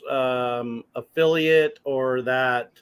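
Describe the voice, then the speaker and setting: A man in a casual chat, giving measured advice to fellow channel owners. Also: medium pitch, steady tone, clear, resonant tone. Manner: measured, advising. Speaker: guest youtuber.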